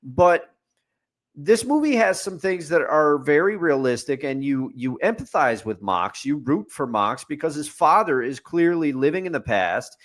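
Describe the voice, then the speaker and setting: A man with a fairly high-pitched speaking voice, talking through a movie in relaxed podcast chat. He is opinionated and builds his case point by point, ticking items off like a checklist. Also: moderate pace. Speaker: podcast co-host. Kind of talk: casual movie review chat.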